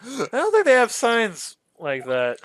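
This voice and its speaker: A man's voice: extremely high pitch, wildly swooping pitch, a bit bright, dry recording, studio quality. A man casually joking while streaming a game with friends. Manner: joking, quick asides. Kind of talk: casual gaming chat.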